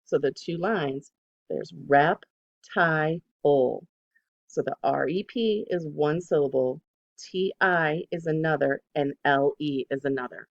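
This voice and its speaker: Speaking in a gravelly, medium-pitched voice, a second grade teacher leads a recorded phonics lesson for kids. She models each word by saying it twice, staying patient and deliberate. The sound is lo-fi.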